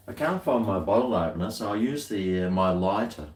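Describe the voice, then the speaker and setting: A man's voice: on the low side, lively intonation, brisk, a little mellow, echoey room. An Australian man chatting casually while tasting beer, rambling along with dry, muttered asides.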